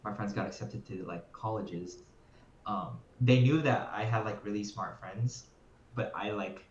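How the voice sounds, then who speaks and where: A young man with a low voice, speaking casually and a little hesitantly on a student podcast. The sound is muffled and roomy, with faint ambience behind him. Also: a little slow, a little hiss or hum. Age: young adult. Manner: relaxed, hesitant with fillers. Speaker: podcast co-host. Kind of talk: casual chat.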